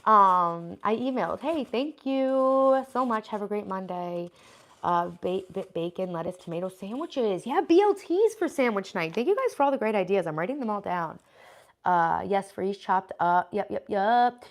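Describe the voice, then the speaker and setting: A woman's voice: mid-range voice, expressive, moderate pace. A woman in her thirties chatting casually on a livestream, reading viewer comments and planning meals in a scattered, rambling way. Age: 30s. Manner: chatty, scattered, frequent "um" and "like" while listing groceries. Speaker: livestream host.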